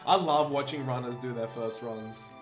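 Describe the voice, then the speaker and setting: A man's voice: mid-range voice, moderate pace. A young man streaming a speedrun, chatting casually and upbeat with his viewers between bursts of laughter. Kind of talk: casual chat with viewers while playing. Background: game music.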